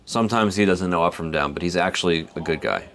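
A man's voice: low-pitched, fast talker, a bit bright, slight background noise. A man casually chatting on a live stream while opening cards, rambling and chuckling as he reads names aloud. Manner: rambling, laid-back, chuckles between remarks, reads card names aloud. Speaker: card break host.

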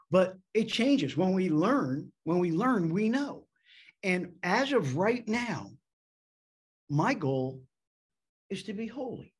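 Husky animated American men's pastor. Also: male voice, high voice. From United States. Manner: animated preacher, lively emphasis and slowed key words. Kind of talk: sermon.

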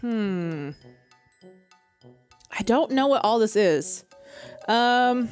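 A woman's voice: a little high, extremely slow, pauses often, soft background music. Chatty woman gamer reading aloud. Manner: chatty, excitable, slangy. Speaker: gaming video host. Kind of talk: casual game commentary and reading game text aloud.

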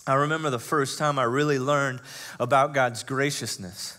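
This man in his thirties is a pastor delivering a sermon built on his own stories, chatty in tone and full of fillers. His volume swings from near-whispers to loud, heartfelt peaks. Pitch is mid-range, intonation fairly level, and the pace moderate.

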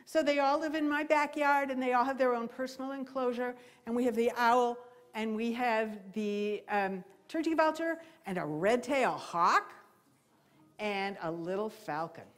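A woman giving a live talk about birds of prey to a library audience, lively and playful, speaking into a handheld mic. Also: a little high, normal speed. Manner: lively, imitates owl hoots. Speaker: wildlife educator. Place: library program room.

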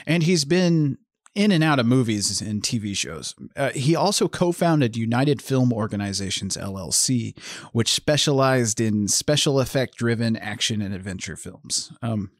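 A man's voice: mid-range voice, expressive, normal speed, no room sound. Chatty man with a dry close sound. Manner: chatty, laughs often, drinking beer while talking. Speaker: podcast co-host. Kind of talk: casual chat about a horror film.

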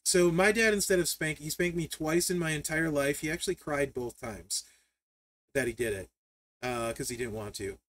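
A man hosting a live stream, telling family stories in a casual, animated way, laughing often and reading chat aloud. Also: fairly high pitch, normal speed, no room sound. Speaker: livestream host.

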